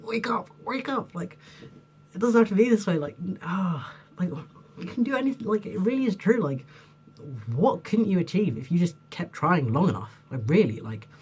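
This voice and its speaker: A young man with a husky, slightly breathy voice delivers an unscripted rant to camera. He rambles and restarts, gets heated, swears freely and leans on "like" constantly. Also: high voice, lively intonation, normal speed, darkish tone. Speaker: vlogger.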